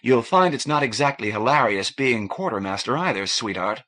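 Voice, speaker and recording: A man's voice: medium pitch, lively intonation, moderate pace, bright, forceful tone. A man voicing a plainspoken, self-critical male starship captain. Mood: rueful.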